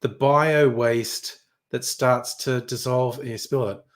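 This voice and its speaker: A man's voice: medium pitch, fairly even intonation, slow pace. A young man reading headlines in a casual chat, crude and sardonic, swearing freely. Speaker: streamer.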